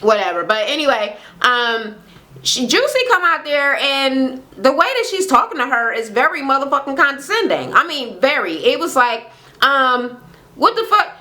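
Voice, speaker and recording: Bright high-pitched woman ranting about a reality show, swearing a lot and acting out quotes. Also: normal speed. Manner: animated, heavy swearing, acts out quotes. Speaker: reality TV recap vlogger. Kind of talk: casual rant recapping a reality show. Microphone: camera mic with ring light setup.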